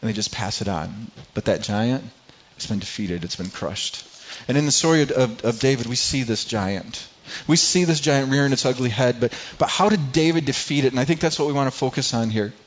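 Halting preacher man, dull lo-fi sound. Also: mid-range voice. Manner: halting, repeats words, quiet when moved. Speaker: pastor. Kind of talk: sermon with personal story.

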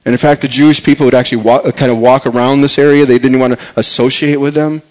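A man preaching a sermon as a pastor, earnest, repeating words for emphasis and dropping soft and low on key phrases. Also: fairly even intonation, fast.

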